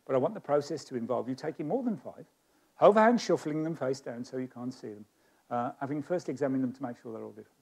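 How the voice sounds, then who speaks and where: A man's voice: mid-range voice, lively intonation, fast, gravelly, darkish tone, husky. A man performing live stage magic, chatting with volunteers in a self-mocking, joking way. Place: stage of a magic society hall.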